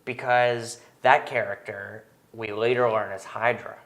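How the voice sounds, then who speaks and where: A man's voice: fairly low pitch, steady tone, a little slow, a bit bright, slight background noise. A young man hosting a casual movie review chat, talking with enthusiasm. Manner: enthusiastic, chatty, quotes lines in put-on voices. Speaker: host.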